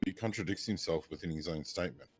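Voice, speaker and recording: A man's voice: deep voice, fast, husky, soft background music. A man playing a police officer in a roleplay discussion, reading through a statement and rebutting it point by point. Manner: methodical, reads out a statement and rebuts it.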